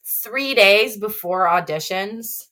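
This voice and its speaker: A woman's voice: medium pitch, slow pace. A young woman, a stage actress, chatting as a podcast guest and telling stories with quoted asides. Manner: animated storytelling with quoted asides. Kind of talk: casual chat.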